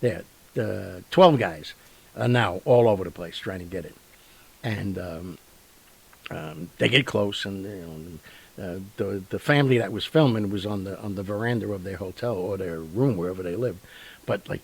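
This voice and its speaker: Gravelly-voiced man telling rambling stories. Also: sits low, normal speed, rough recording. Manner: rambling, animated, with many fillers and sound effects. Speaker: radio show host. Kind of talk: casual storytelling monologue.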